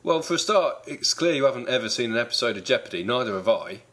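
A man's voice: medium pitch, lively intonation, fast, fairly bright tone. A man as a contestant in a comic podcast bit, dry and exasperated in his questions.

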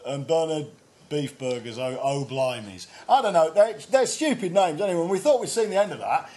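Excitable high-voiced man. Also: brisk. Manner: excitable, jokey, riffing. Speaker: co-host. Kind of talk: casual comedy banter.

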